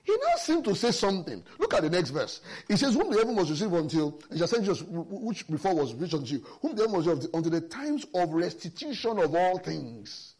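Male preacher, husky and animated, emphatic scripture exposition. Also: high voice, brisk, hardly any pauses. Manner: lively, emphatic Bible exposition with personal stories. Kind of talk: sermon.

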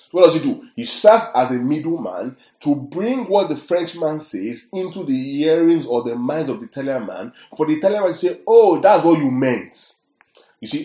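A man's voice: medium pitch, a little mellow. A man teaching a sermon, emphatic and often checking that his listeners follow. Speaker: preacher. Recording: echoey room.

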